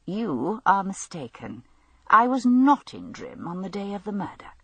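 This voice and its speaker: A woman's voice: medium pitch, sing-song, unhurried, sharp tone, breathy edge, no echo, voice pushed up, full character voice. A woman voicing a haughty, scornful woman who speaks in an imperious, cutting way.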